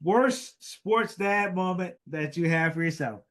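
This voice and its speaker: A man's voice: high voice, a little slow. A middle-aged man hosting a podcast, telling stories animatedly with many fillers. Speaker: podcast host. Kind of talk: casual storytelling chat.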